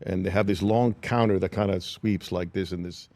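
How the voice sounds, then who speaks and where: Sitting in as a talk-show guest, an older actor recounts stories at a moderate pace in a low voice, with no room sound audible. He brings his anecdotes to life by performing the quoted voices of the people involved.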